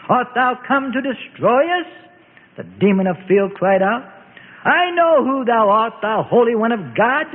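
A man giving a dramatic, theatrical scripted narration of a Bible story, slowing and stressing key words. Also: sits high, husky. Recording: echoey tinny radio broadcast.

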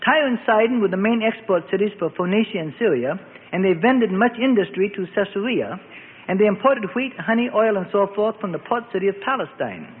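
A man's voice: high voice, expressive, a little fast. A man reading a biblical story aloud as dramatic scripted narration. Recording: phone-like band with long reverb and faint noise.

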